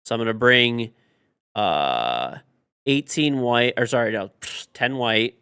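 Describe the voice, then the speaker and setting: A man's voice: mid-range voice, slow, clear, resonant tone, no room sound, studio quality. A man in his thirties streaming a game, chatting casually and telling stories with lots of swearing. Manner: animated storyteller, swears a lot. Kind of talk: casual chat while gaming.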